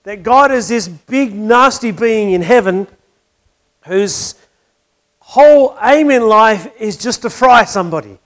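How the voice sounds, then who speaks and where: A man's voice: high-pitched, expressive, takes it slowly, a bit bright. A man preaching a conversational sermon, asking questions and telling a wry joke.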